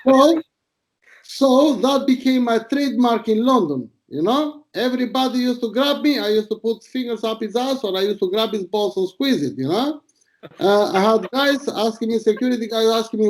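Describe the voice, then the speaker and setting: Blunt, crude, high-voiced man from Albania. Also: expressive, normal speed, a little mellow. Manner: blunt, crude, boastful, rambling. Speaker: retired paparazzo. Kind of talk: casual interview storytelling.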